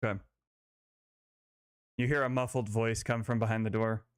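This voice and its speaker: A man narrating as game master of a casual tabletop game, describing scenes in a relaxed, amused way. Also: fairly low pitch, normal speed, clear, resonant tone.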